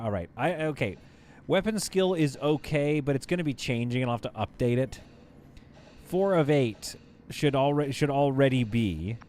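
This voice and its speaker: A man's voice: medium pitch, a little mellow, a little hiss or hum. Playful Canadian man streaming a game. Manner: playful, chatty, reads and answers chat. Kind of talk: casual live gameplay commentary.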